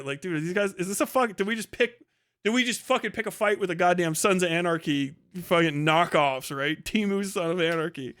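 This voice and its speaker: Bright-voiced man telling a rambling story. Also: high-pitched. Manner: rambling, profane, lots of fillers. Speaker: livestream host. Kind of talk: casual storytelling.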